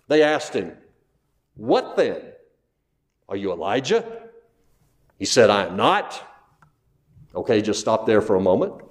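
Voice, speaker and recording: Male pastor, bit higher pitch, emphatic teaching tone, rhetorical questions. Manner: emphatic, repeats key phrases, asks the listeners questions. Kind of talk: expository Bible teaching.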